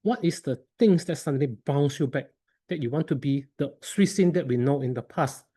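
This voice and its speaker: A man on a video call giving speech feedback, with halting phrasing. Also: fairly high pitch, warm tone, husky. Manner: halting non-native phrasing. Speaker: speech evaluator.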